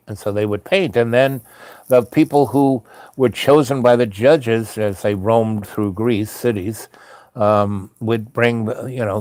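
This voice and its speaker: A man's voice: fairly low pitch, darkish tone, no echo. A man telling a personal travel story in a casual, rambling way, full of fillers and restarts.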